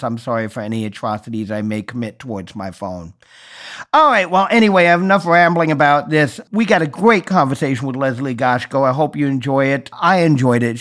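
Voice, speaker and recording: Male podcast host, storytelling monologue, dry self-deprecating wit, medium-pitched voice.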